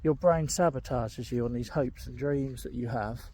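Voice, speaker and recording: A middle-aged vlogger with a medium-pitched, dark voice talks at normal speed, with a little hiss or hum. Limping and in pain while walking his dog outdoors, he speaks candidly and ramblingly into an earbud mic, saying um often.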